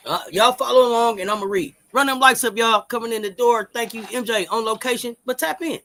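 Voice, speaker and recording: A man co-hosting a live-stream sports talk show, hyped and repetitive, shouting out the chat and stumbling through restarts. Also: high-pitched, animated, normal speed.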